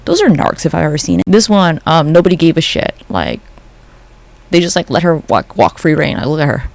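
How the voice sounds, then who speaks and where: A vlogger ranting casually over photos, swearing freely and slipping into quick mock quotes, sounding a little bummed. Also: mid-range voice, very animated, gravelly, no room sound. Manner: profane, gossipy, acts out quick mock quotes. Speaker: conspiracy commentary vlogger.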